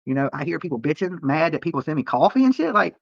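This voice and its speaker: A fast-talking livestreamer with a fairly high, sing-song, gravelly voice addresses viewers from a roadside by a protest. His rant wanders, swears and gets defensive, with frequent "okay?" tags. The audio is dry and muffled.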